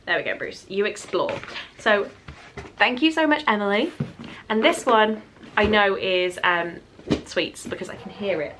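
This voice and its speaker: A woman's voice: medium pitch, expressive, unhurried, background noise. A young woman chatting to camera at home as a book vlogger, effusive and talking to her pet between thoughts. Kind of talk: casual chat to camera.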